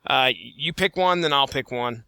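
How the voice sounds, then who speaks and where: A man co-hosting a casual podcast, reading online listings aloud in an animated way and laughing often. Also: medium pitch, unhurried, gravelly, clear, resonant tone, no echo. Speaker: podcast co-host.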